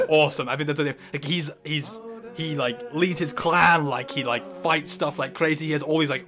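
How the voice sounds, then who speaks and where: A man's voice: on the high side, bright, forceful tone. A man guesting on a casual recorded discussion, talking with rambling enthusiasm and saying "like" often.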